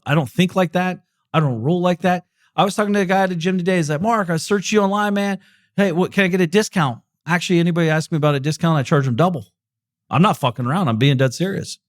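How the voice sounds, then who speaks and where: A man hosting a podcast, delivering a blunt, profane motivational monologue with lots of emphasis and repetition. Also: on the high side. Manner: profane, emphatic, repeats himself. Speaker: podcast host. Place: podcast recording.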